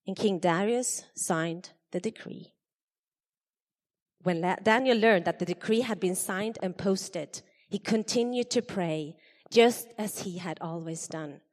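A woman giving an expressive Bible reading to a church congregation, her voice rising for the quoted speakers. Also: mid-range voice, a little slow. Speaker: scripture reader. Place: church hall. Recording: long hall reverb.

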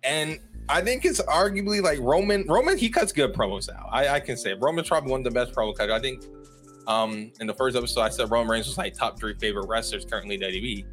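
A man hosting a solo podcast in casual chat, rambling with lots of fillers and quick apologies. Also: mid-range voice, fairly bright tone, soft background music. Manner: rambling and self-interrupting, heavy on fillers and apologies. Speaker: podcast host.

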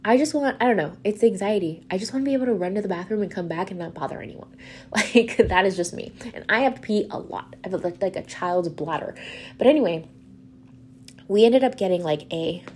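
A woman's voice: mid-range voice, a little fast, darkish tone, slight background noise. A woman hosting a podcast, telling a travel story in a chatty, casual way, full of "like" and laughter. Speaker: podcast host.

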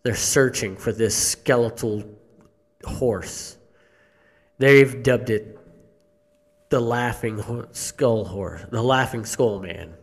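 Man, mid-pitched, unhurried and halting; live horror storytelling to a theater crowd. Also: husky. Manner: slow, halting, with restarts and coughs. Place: theater stage before an audience.

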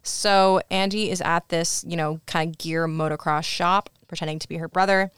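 A young woman co-hosting a podcast, chatting casually and recapping a movie with animated storytelling and lots of "like". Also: lowish voice, normal speed, clear, resonant tone, no echo, studio quality. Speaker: podcast co-host.

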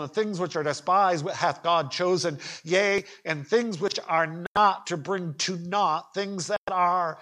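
A man preaching a sermon at a church pulpit, swinging from quiet asides to shouted emphasis, with folksy humor and questions to the congregation. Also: on the high side. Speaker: pastor. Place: church sanctuary.

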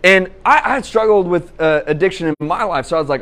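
A young man delivers a sermon in an easygoing, storytelling way. His voice sits high for a man, and he often breaks into laughter and stumbles over restarts as he builds to his point. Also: a little fast, hardly any pauses, a bit bright. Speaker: preacher.

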